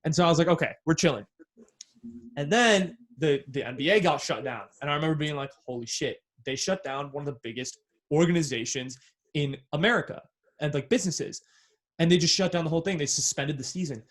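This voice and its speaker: A young man hosts a podcast and tells a story in a loose, slang-heavy way, cursing freely. He acts out what each person said. His voice sits a little high for a man. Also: a little fast. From San Francisco Bay Area. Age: young adult. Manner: animated, slangy, swears freely, acts out quoted dialogue. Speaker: podcast host. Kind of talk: casual storytelling chat.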